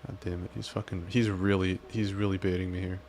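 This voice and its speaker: A young man with a very low voice talks through a shooter game. He mutters curses and narrates his moves to himself. The tone is casual chat among friends. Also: little pitch movement, brisk, darkish tone, a little hiss or hum. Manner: cursing, muttering to himself while playing. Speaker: streamer playing a shooter game.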